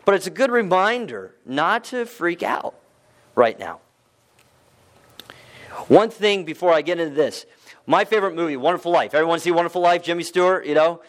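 A man's voice: on the high side, expressive, normal speed, pauses often. A man giving a casual, conversational talk to a live audience, often asking them questions and using fillers. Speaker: real estate investment speaker.

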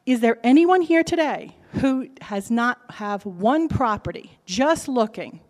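A woman with a brassy New Jersey accent addresses a convention audience, her fairly high voice carrying through a large hall with a long echo. She talks direct and punchy, tossing "okay?" at the crowd between points like a seasoned seminar speaker. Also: animated, measured pace. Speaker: lender speaking at a real estate convention. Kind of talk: lively seminar talk to a live audience.

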